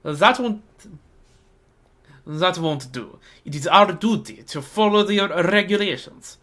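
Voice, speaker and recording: A man's voice: high voice, expressive, slow pace, a bit bright, heavily acted. A man voicing a serious, rule-bound male soldier in a game, speaking stiffly and formally. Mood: stern.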